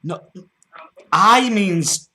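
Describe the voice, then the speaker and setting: Stubborn Scottish caller, put on by a man, high-pitched, drawn out, bright-voiced, loud and repetitive. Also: expressive, very slow, heavily acted. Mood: stubborn playful. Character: stubborn thick-accented Scottish man, dim and playful. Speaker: prank caller.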